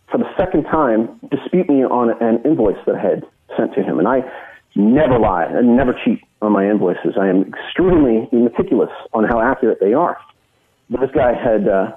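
A middle-aged man with a husky, breathy voice tells a personal story, earnest and full of little restarts. His voice comes through narrow and tinny, like it is carried over a phone line. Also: medium pitch. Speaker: guest. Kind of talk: personal testimony in a conversation.

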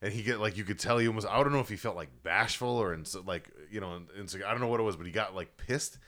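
A man's voice: lowish voice, quick pace, a bit bright. A middle-aged man co-hosting a podcast, telling rambling stories with lots of swearing. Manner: rambling storyteller, heavy swearing. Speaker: podcast co-host. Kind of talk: casual chat.

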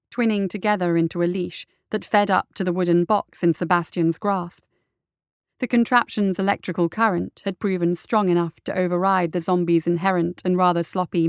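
A woman narrating a story in a measured, even storytelling manner. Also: on the low side, clean tone, dry recording, clean studio sound. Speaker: audiobook narrator. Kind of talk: scripted narration.

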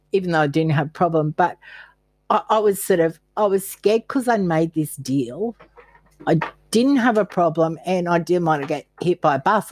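Candid older woman, low and dry. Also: a little mellow, slightly rough, no room sound. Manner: candid, self-mocking, quotes her past self. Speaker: guest. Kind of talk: personal storytelling in a podcast interview.

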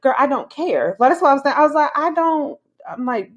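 A woman's voice: high-pitched, a little fast, lo-fi sound. A woman in her thirties from South Carolina with a Southern accent, telling stories casually as a guest in an interview and acting out dialogue. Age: 30s. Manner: animated, acts out dialogue, laughs often. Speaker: guest filmmaker.

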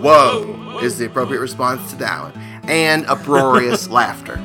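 A man co-hosting a comedy podcast, trading jokes in playful, drawn-out casual banter. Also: mid-range voice, lively intonation, over music. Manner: playful, jokey, slow and drawn out. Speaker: podcast co-host. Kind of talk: casual joke-telling banter.

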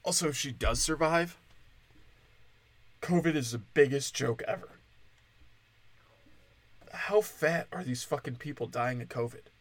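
A man's voice: medium pitch, unhurried, pauses often, dry recording. A man from Wisconsin hosting a solo comedic rant, profane and sarcastic, swinging between mocking asides and exasperated outbursts.

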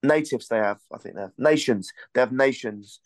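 A man's voice: mid-range voice, normal speed, no room sound. Man rambling through a story. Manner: rambling anecdotal storytelling with swearing. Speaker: podcast host. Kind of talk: casual podcast chat.

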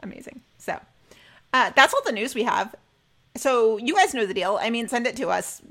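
A young woman co-hosting a podcast in casual chat, slightly high in pitch. She talks in a gushing, excited way and rambles through the news. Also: normal speed. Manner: chatty, enthusiastic, gushing. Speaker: podcast co-host.

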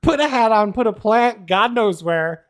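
A young adult podcast co-host, a woman, teasing her partner in quick casual banter and laughing often. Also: fairly high pitch, expressive. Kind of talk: casual chat.

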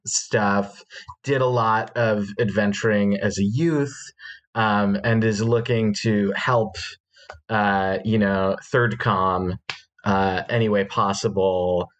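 A man's voice: on the low side, fairly even intonation, slow. A man describing his tabletop game character, hesitant and full of fillers, often fighting back laughter. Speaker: player.

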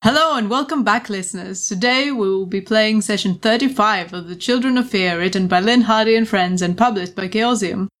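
A woman's voice: mid-range voice, fairly quick, hardly any pauses, fairly bright tone. A woman running a tabletop horror game as game master, chatting playfully and laughing often. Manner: giggly and playful. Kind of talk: casual chat hosting a tabletop game.

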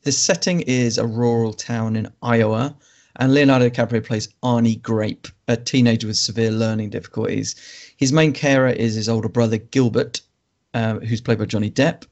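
Male podcast co-host, measured and wry, talks through film plots. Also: medium pitch, steady tone, a little mellow, highs cut off. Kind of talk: casual film chat and plot summary.

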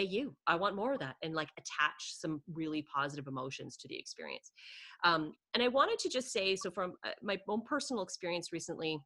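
A middle-aged woman chatting casually and animatedly, often acting out her own inner voice. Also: low voice. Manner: animated, lots of "like" and quoted self-talk. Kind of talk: casual conversation.

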